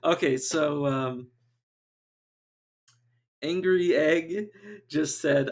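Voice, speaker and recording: A young man streams a video game live, chatting with his viewers and collapsing into helpless laughter. His voice is medium in pitch and unhurried, with frequent pauses, and he comes across as giggly.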